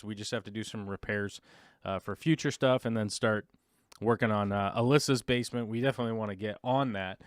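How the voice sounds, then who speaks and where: A man's voice: on the low side, clear, resonant tone, no echo, studio quality. A man hosting a casual livestream chat, rambling with many fillers and playfully mimicking other people. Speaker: livestream host.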